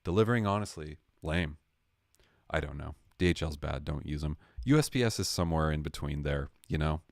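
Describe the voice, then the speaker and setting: A man's voice: very deep voice, brisk, gravelly, no room sound, clean studio sound. A young man hosting a livestream, rambling through a casual, sarcastic comedic rant full of swearing. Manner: rambling, sarcastic, swearing, lively impressions of others. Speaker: livestream host.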